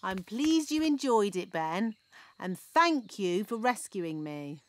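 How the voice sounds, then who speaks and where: A woman voicing a bossy, cheerful fairy nanny in a cartoon, talking in a brisk, fussy and self-assured way. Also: mid-range voice, very animated. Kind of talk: cartoon voice acting.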